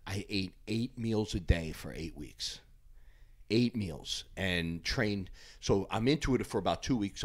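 A man in his fifties, a former bodybuilder and podcast guest, telling loud, profane, animated gym stories. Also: deep voice. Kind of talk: casual storytelling chat.

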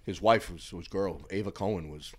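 A middle-aged man, a podcast guest, telling stories in a casual, animated way, with plenty of swearing and laughter. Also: deep voice, moderate pace. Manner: animated, profane, laughing storyteller. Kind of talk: casual storytelling.

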